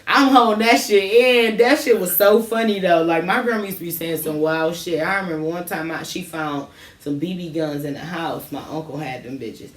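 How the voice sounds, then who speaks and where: A woman's voice: lowish voice, moderate pace, recorded from a distance. A woman co-hosting a casual late-night chat while smoking, telling childhood stories in a laid-back, slangy way. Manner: laid-back storytelling, lots of slang and laughter. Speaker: podcast co-host. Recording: echoey room, off-mic, faint noise.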